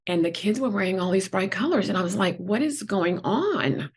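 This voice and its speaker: A woman whose first language is not English, telling a personal childhood story with earnest emotion, often pausing with fillers. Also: mid-range voice, animated, husky. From not from the country where she went to school. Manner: earnest, tearful at times, many fillers. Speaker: guest executive.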